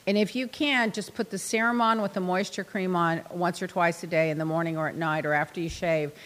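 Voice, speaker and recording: Chatty woman podcast host, bright forceful voice, laughs a lot, long hall reverb around her. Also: lowish voice, fairly quick. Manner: chatty, laughs often, lively storytelling. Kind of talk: casual chat. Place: podcast studio.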